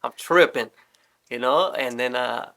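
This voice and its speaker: A young man casually telling a story, animated and swearing often as he acts out what people said. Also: medium pitch, measured pace, creaky. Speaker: storyteller guest.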